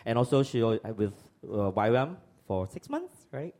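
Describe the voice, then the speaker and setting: A man's voice: medium pitch, sing-song, moderate pace, warm tone. A man casually introducing the guest speaker at a church service. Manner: informal, chatty.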